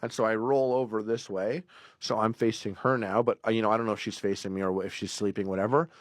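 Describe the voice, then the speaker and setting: A podcast guest speaks fast in a lowish voice, recorded with studio quality and no echo. He tells a long personal story casually, wandering with fillers and animatedly acting out quotes in a raised voice.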